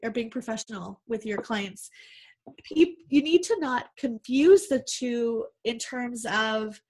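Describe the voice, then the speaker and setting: A woman's voice: fairly high pitch, slow pace, darkish tone. A woman guest from Canada, a mother and business owner, speaking candidly and earnestly in a casual podcast conversation.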